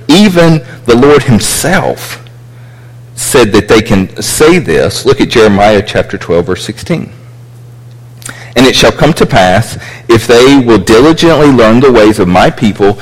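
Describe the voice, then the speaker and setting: A man teaching a sermon, explaining scripture with frequent restarts and asides. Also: fairly low pitch. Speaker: preacher. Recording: echoey hall with long reverb.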